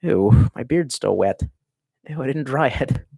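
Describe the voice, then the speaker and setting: A man's voice: mid-range voice, animated, a little slow, gravelly, mellow, no echo. Streamer, adult man, loose and profane, talks from home with a dry, close sound. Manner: rambling and profane, with many restarts. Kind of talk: casual livestream chat.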